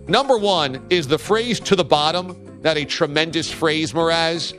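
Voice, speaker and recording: A man's voice: fairly high pitch, a little slow, few pauses, a bit bright, soft background music. A man hosting a casual sports talk show, telling stories emphatically and acting out mock quotes. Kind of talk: casual sports radio banter.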